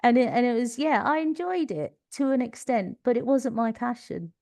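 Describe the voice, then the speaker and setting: A woman's voice: fairly high pitch, expressive, normal speed, darkish tone, dry recording. A middle-aged woman with a Cockney accent, a podcast guest telling stories from her working life with frequent laughter. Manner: chatty storytelling with frequent laughter. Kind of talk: conversational interview.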